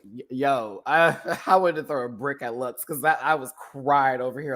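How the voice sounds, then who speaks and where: A man ranting casually as a show reviewer, sassy and animated, laughing often and swearing freely. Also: mid-range voice, moderate pace, few pauses. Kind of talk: casual reaction rant.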